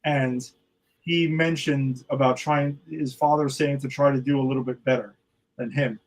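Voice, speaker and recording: A man co-hosting a podcast, talking casually and excitably about a TV episode, with loose swearing. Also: medium pitch, normal speed, low-quality recording. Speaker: podcast co-host.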